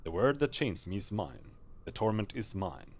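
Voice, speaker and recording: A man's voice: on the low side, big pitch swings, moderate pace, a little mellow. A man voicing a stern, tormented male githzerai warrior, reading game dialogue aloud in solemn, formal speech.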